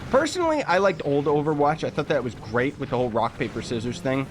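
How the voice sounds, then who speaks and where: A man's voice: fairly high pitch, lively intonation, quick pace, a little hiss or hum. A young man from Canada chatting casually while livestreaming a game, reading chat messages aloud and making jokey asides. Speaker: livestreaming gamer.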